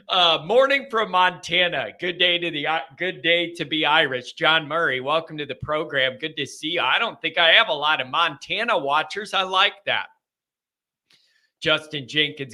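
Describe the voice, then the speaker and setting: A man's voice: a little high, bright, forceful tone. A man hosting a live fan call-in show, chatting casually and rambling as he greets viewers by name from a studio.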